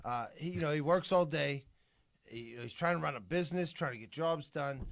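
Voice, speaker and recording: A man's voice: on the high side, normal speed, creaky. A man co-hosting a podcast, telling stories in casual banter and swearing freely. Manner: swearing, animated storytelling. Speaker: podcast co-host.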